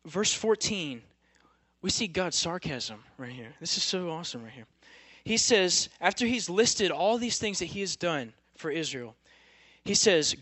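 A young man delivers a sermon in a casual, emphatic style, pressing his listeners with rhetorical questions. His voice sits a little high for a man, and the sound is close and dry with no room echo. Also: lively intonation, measured pace, sharp tone. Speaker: campus preacher.

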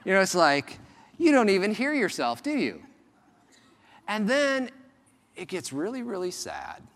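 A man preaching a sermon as pastor, in a conversational, animated way, sometimes acting out the voices of people he quotes. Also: high-pitched, a little slow, gravelly, in a large hall.

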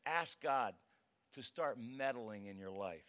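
A man preaching a casual, conversational sermon as pastor, dramatic and animated. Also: medium pitch, slow pace.

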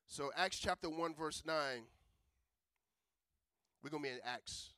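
A man preaching a sermon, chatty and joking, building to loud, emphatic preaching. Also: on the high side, expressive, measured pace, long pauses, dry recording. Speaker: pastor.

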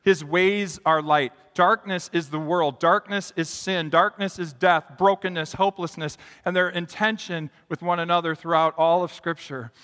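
A middle-aged man preaching a sermon as pastor in a church, acting out quotes with big swings in pitch and loudness. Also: fairly even intonation, moderate pace, hardly any pauses. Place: church sanctuary. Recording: long hall reverb.

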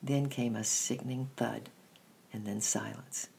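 A man reading a children's story aloud in a steady, measured first-person narration. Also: mid-range voice, vocal fry, slight background noise.

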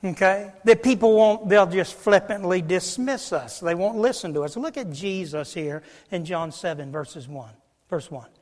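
A male preacher delivers a sermon in a notably high voice, rising to loud declarations and sinking to hushed, almost whispered lines. His voice carries a long reverb, as if filling a church sanctuary. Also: normal speed.

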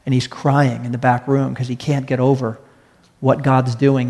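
A man's voice: mid-range voice, flat delivery, moderate pace, darkish tone. A man preaching a sermon to a congregation, earnest and storytelling, repeating key phrases for emphasis. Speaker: pastor. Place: church hall with audience. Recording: long hall reverb.

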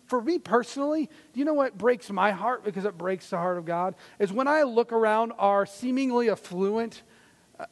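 A man's voice: high-pitched, gravelly, long reverb tail. A man preaching a sermon as pastor, earnest and conversational, with fillers and restarts.

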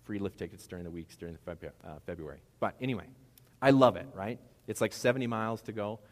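A man's voice: fairly low pitch, quick pace. Man preaching in a reverberant church. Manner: conversational, animated preaching with asides. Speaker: pastor. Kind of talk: sermon. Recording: long hall reverb.

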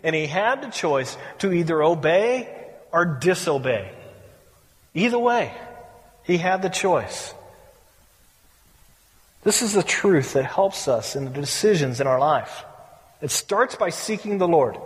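A man's voice: on the high side, big pitch swings, takes it slowly, pauses often. A middle-aged man preaching a sermon, telling stories with playful humor and acting out the people he quotes. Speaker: pastor. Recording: reverberant hall.

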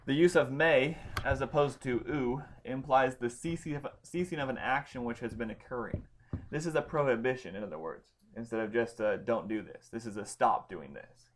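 A man of medium pitch talks fairly quickly through Greek grammar in a relaxed Bible study, stressing the important words amid many ums and restarts. There's a little hiss or hum in the audio.

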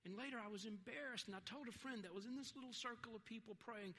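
High, bright-voiced male pastor preaching in a hall. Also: quick pace. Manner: conversational, earnest, breaks into quoted voices and light laughs. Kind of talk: sermon.

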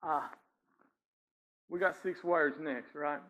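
A pastor preaching a sermon in a church, talking conversationally with frequent "right?" asides and light chuckles. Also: male voice, on the high side, slow pace, a bit bright, rough recording. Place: church sanctuary.

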